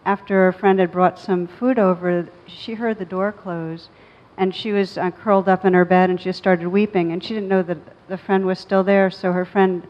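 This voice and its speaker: A woman meditation teacher speaking in a soft, thoughtful, unhurried way during a reflective conversation. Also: on the low side, steady tone. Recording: dull lo-fi sound with long reverb.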